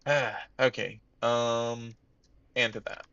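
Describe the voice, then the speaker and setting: A man's voice: medium pitch, level tone, takes it slowly, a bit bright, clean tone, no echo, muffled recording. A man casually commenting on his gameplay, thinking aloud and muttering to himself as he plays. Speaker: let's-play gamer.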